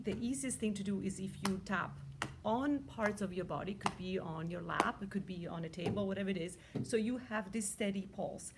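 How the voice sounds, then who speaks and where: A woman's voice: medium pitch, a little mellow, a little hiss or hum. Chatty woman teaching rhythm counting. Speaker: music teacher.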